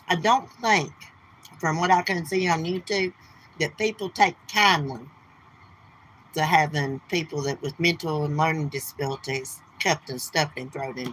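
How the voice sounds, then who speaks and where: Outside near her house, a middle-aged woman gossips on a laid-back live stream, blunt and profane with a Southern way of talking. She has a low, slightly bright voice, and the rough recording carries a little hiss or hum.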